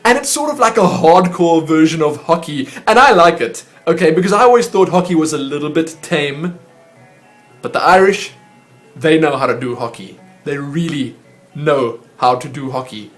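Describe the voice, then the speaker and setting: A man's voice: on the high side, moderate pace, soft background music. A man hosting a vlog, chatting casually and poking fun at himself as he stumbles over foreign words. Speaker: vlog host opening fan mail. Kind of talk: casual chat to camera.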